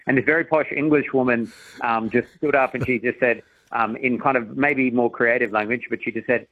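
A man's voice: medium pitch, moderate pace, dull audio. A man, a comedian guest telling a funny story on radio, laughing often. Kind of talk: casual radio chat.

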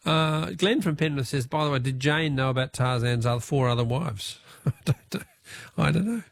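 A man with an Australian accent hosting a talkback radio quiz, chatty and jovial with quick laughs. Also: a little high, creaky.

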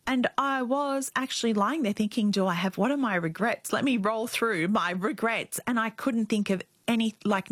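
A middle-aged woman, an interview guest, telling a deeply personal story in an earnest, reflective way. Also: no echo, clean studio sound. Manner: reflective, earnest, speeds up and slows down.

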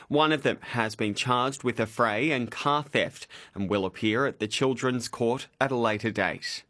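A man reading a radio news bulletin in an even, measured way. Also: mid-range voice. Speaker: newsreader.

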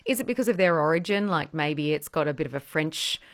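Aussie woman radio host, brisk and friendly, reads texts and takes callers, lowish voice. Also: animated. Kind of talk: talkback radio hosting.

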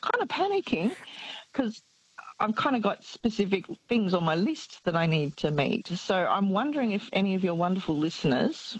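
A woman's voice: mid-range voice, expressive, normal speed, slightly rough, no echo, dull audio. Anxious, tired woman caller. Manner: anxious, hesitant, many fillers and nervous laughs. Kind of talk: casual chat.

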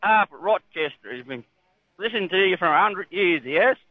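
A man's voice: high voice, expressive, moderate pace, dry recording. Australian man on a tinny phone line. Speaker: caller, farm machinery driver. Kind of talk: phone-in chat.

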